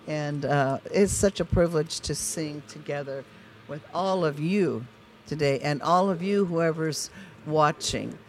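A man sharing a fond, halting testimony with a congregation. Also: fairly high pitch, slight background noise. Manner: halting, fond, many fillers. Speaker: church member sharing. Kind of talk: casual church testimony.

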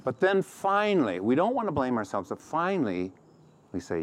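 A man's voice: mid-range voice, sing-song, normal speed. A middle-aged man preaching a sermon as pastor, acting out quoted complaints in a raised voice.

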